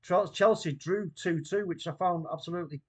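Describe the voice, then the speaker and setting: A man hosting a casual live stream, his voice sitting a touch higher than most. He banters loosely, reads comments from the chat aloud, and laughs easily as he goes. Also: fairly quick, husky. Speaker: watchalong host.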